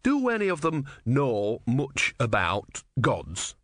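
A man's voice: medium pitch, huge pitch swings, slow pace, fairly bright tone, no echo, clean studio sound, heavily acted. A man voicing a timid, earnest young novice monk in a storybook reading, with a nervous, hesitant manner.

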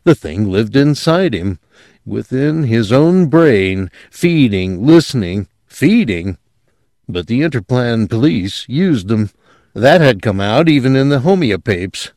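A man narrating an audiobook in an expressive, dramatic reading style. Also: mid-range voice, dry recording, clean studio sound.

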